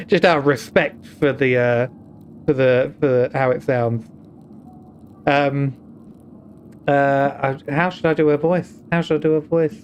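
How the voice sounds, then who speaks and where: A man's voice: medium pitch, fairly even intonation, slow, long pauses, dull audio, a little hiss or hum. A young British man streaming a game, talking in casual, joking, rambling commentary that mocks himself. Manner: joking, rambling, self-mocking.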